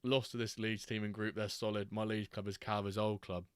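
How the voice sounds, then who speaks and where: A man's voice: fairly low pitch, little pitch movement, a little fast, clean tone, no room sound. A man hosting a live stream, chatting casually and joking as he reacts to chat and the games.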